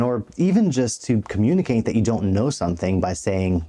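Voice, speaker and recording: A man giving a scripted, lightly joking vlog narration that explains word meanings clearly. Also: fairly low pitch, expressive, moderate pace, hardly any pauses, dark tone. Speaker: vlogger explaining words. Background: faint background music.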